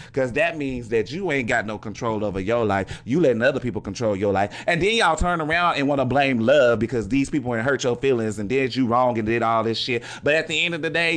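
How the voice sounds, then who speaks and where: Checking in with "okay?" after almost every point, a medium-pitched man hosts a casual spiritual podcast monologue. He is animated, laughs a lot and swears without restraint.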